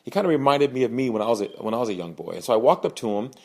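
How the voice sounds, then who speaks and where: A man's voice: racing, vocal fry. Earnest man telling a personal story. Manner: earnest, animated, acts out quoted voices with raised pitch. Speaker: podcast host, sales speaker.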